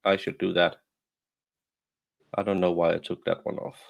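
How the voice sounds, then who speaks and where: Danish man, low register, host of a casual live chat on a video call; hesitant, lots of "uh" and restarts. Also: level tone, vocal fry, dull audio. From Denmark. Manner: halting, many fillers and restarts. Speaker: livestream host.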